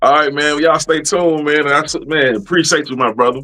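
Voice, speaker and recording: A man's voice: on the high side, a little fast, bright, forceful tone, soft background music. A man hosting a podcast, talking in loose, profane, streetwise banter. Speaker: podcast host. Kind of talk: casual podcast chat.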